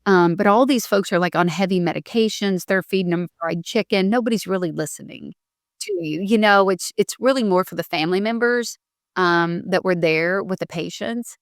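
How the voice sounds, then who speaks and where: A woman comedian telling stories in a relaxed podcast conversation, earnest and chatty. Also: lowish voice, moderate pace, no room sound, clean studio sound. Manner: storytelling, earnest. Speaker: comedian guest. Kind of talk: casual podcast chat.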